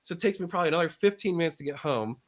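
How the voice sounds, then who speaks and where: A middle-aged man hosting a live show, telling an animated story and acting out the voices in it with big jumps in pitch. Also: racing. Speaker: show host.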